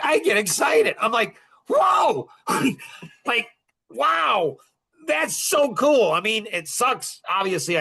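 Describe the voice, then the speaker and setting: A man in his sixties hosting a podcast, telling a personal story in an animated way with laughs and acted-out lines of dialogue. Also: high-pitched. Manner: animated, laughing, acts out dialogue with bursts of excitement. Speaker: podcast host.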